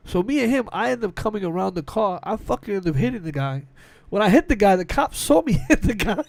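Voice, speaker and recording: Animated New man telling stories. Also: high-pitched, fairly quick, creaky, no echo. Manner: animated, laughs often, acts out quotes with cursing and slang. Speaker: podcast co-host. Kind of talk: casual storytelling chat.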